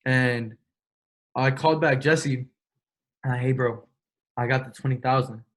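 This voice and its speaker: A young man, the interview guest, telling his story in casual, slangy, profane talk full of quoted back-and-forth. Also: medium pitch. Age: young adult. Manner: slangy, profane, quick retelling with quoted dialogue.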